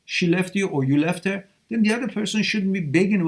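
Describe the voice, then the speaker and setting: A man with a slightly higher than usual voice, hosting a live advice stream. He talks bluntly and scolds in a lively, animated way. He reads viewer questions aloud and answers them head-on. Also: a little fast. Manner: blunt, animated, scolding tough-love delivery. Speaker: live Q&A host giving relationship advice.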